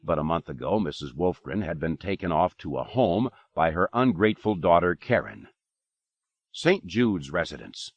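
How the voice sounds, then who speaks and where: Deep-voiced man reading an audiobook. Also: big pitch swings, moderate pace. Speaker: audiobook narrator. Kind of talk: audiobook narration. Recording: dull lo-fi cassette recording.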